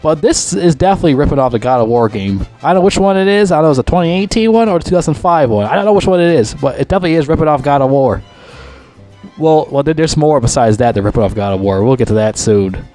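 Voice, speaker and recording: A man's voice: quick pace, soft background music. Rambling, foul-mouthed man reviewing a movie. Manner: rambling, heavy swearing, repeats himself; gets loudly excited and higher when retelling scenes. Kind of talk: casual movie review vlog.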